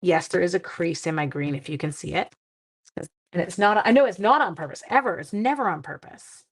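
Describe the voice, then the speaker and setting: A woman's voice: fairly low pitch, lively intonation, brisk, slightly rough. A middle-aged woman from Canada hosting a card-making livestream, chatting playfully with viewers while she works. She sounds tired. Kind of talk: casual crafting livestream chat.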